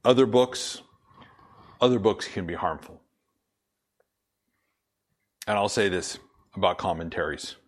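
Guy preaching a sermon, lowish voice, slows way down to hammer points, asks then answers.

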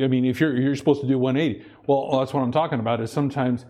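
A man's voice: mid-range voice, fairly even intonation, fast, a little mellow. A man preaching a sermon, earnest, repeating himself and restarting phrases as he presses his point. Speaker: pastor.

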